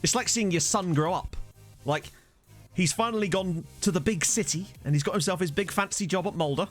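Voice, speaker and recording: A man's voice: high voice, a little fast. A young man chatting casually and joking while playing a football management game, with game music faint behind. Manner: chatty, jokey, reacting to the match. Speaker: gaming channel host. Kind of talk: casual let's-play commentary. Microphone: desktop studio mic.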